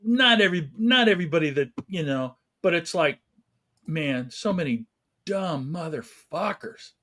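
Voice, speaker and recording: High-voiced excitable man. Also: unhurried. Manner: excitable, yelling bursts. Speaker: co-host. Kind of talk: casual chat.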